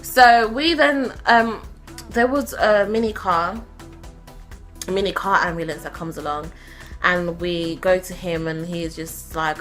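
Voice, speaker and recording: A young woman telling a personal story in a chatty, animated vlog, laughing often. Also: lowish voice, normal speed, soft background music. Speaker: vlogger.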